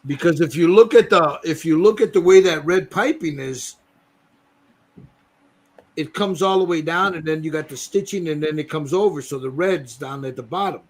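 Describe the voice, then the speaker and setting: Chatty man painting a model, slightly high voice. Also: normal speed. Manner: relaxed, rambling, swears and laughs freely. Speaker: host painting a model bust. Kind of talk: casual chat while painting.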